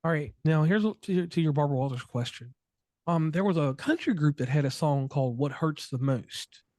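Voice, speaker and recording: A man's voice: fairly high pitch, animated, a little fast, darkish tone, no echo, clean studio sound. Chatty man in his thirties interviewing. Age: 30s. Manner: chatty, jokey, rambling questions. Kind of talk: casual interview.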